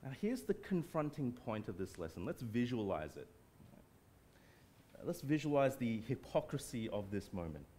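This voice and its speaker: A man preaches with a very lively voice that leaps up and down in pitch. His mid-range voice stays emphatic and expressive as he explains a passage, dropping playful humorous asides along the way. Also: moderate pace, a little hiss or hum. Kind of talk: sermon.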